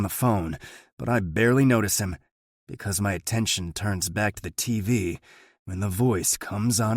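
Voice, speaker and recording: A man narrating a thriller audiobook in the first person, steady and measured. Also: lowish voice, no echo, clean studio sound.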